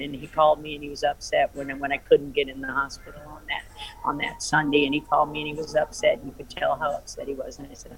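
A woman's voice: sits low, little pitch movement, fast, creaky, slight background noise, poor audio. A middle-aged woman, an interview guest, telling a personal story in an emphatic, rambling way with many restarts. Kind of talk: emotional personal account in an interview.

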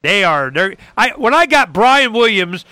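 Male talk host, very bright crisp voice, dry close sound, rambling sarcastic delivery. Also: sits high, measured pace, dry recording. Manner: rambling, animated, sarcastic asides. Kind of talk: casual political talk.

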